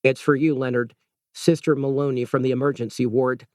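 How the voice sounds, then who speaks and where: A man's voice: mid-range voice, fairly even intonation, brisk, darkish tone, no room sound, studio quality, close to an everyday voice. A man voicing a blunt, joking doctor in an audiobook.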